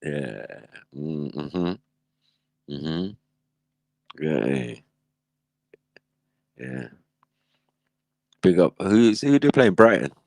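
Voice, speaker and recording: A man's voice: extremely low pitch, big pitch swings, extremely slow, creaky, long pauses, a little mellow, no echo. A man hosting a livestream, reacting in casual, slangy commentary and laughing often. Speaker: livestream host.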